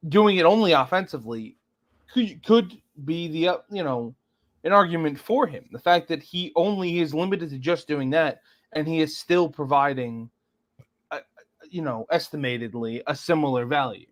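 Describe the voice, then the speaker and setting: A man co-hosting a podcast, talking through sports numbers analytically, often stopping and restarting his sentences. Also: fairly high pitch. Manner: analytical, halting with frequent restarts. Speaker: podcast co-host. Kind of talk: casual sports chat.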